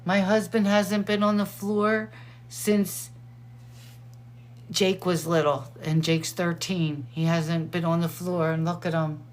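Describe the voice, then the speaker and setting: A middle-aged woman hosting a show, chatting casually and excitedly, laughing often. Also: on the low side, takes it slowly. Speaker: host. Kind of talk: casual chat.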